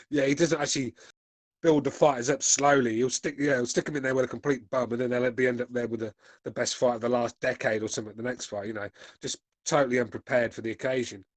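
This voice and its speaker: A British podcast host in his forties reads chat comments aloud in a dry recording. His mid-range voice stays fairly even in intonation as he talks fast, casual and blunt, with swearing throughout.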